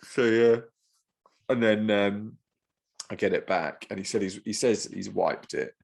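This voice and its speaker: A man co-hosting a podcast, telling an anecdote in lively casual chat and laughing often. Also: fairly low pitch, moderate pace, gravelly. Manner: lively anecdote teller, laughs often, acts out quoted voices. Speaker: podcast co-host.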